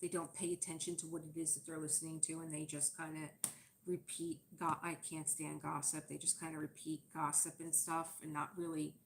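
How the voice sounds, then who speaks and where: A chatty woman rambles through casual talk while she crafts on a livestream, laughing often. Her voice sits a little low with a gravelly edge. A faint hum of room ambience runs underneath. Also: flat delivery, a little fast.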